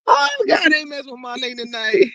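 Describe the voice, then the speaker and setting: A livestream host in a casual gossip chat, reading out viewers' comments and reacting in a sassy, animated way, often saying "child". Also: sits high, no echo.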